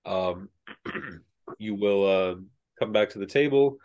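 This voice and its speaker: A man's voice: lowish voice, takes it slowly, a little mellow, dull audio. A man narrating as game master of a tabletop game, rambling with lots of fillers.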